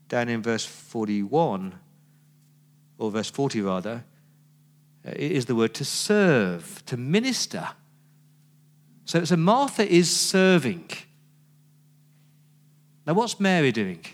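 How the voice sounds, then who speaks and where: A man's voice: medium pitch, sing-song, slow, long pauses. A man giving a sermon as pastor, telling the story conversationally with rhetorical questions.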